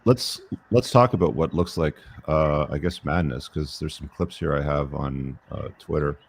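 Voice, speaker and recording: A man hosting a casual panel show, talking in a relaxed, rambling way with many fillers. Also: a bass voice, moderate pace, creaky, husky. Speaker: show host.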